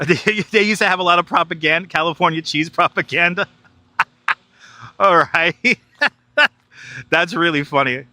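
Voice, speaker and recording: A little slow with long pauses, this man's voice sits on the high side, pushed and bright, with no room sound. He's a chatty New York guide live-streaming a casual walk in a large city park, wearing a wireless clip-on mic, reading out viewer chat and laughing easily.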